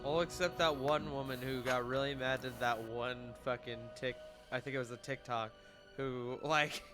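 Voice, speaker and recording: A man chatting casually as a player in a tabletop game, telling stories in an animated way with quick asides. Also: mid-range voice, faint music behind. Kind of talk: casual chat.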